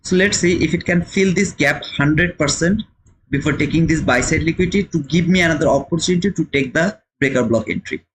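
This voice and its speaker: A man's voice: fairly high pitch, fairly quick, low-quality recording. A man hosting a live trading stream, chatting casually and answering viewers' comments, with frequent repeated words. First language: not English. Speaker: trading livestream host.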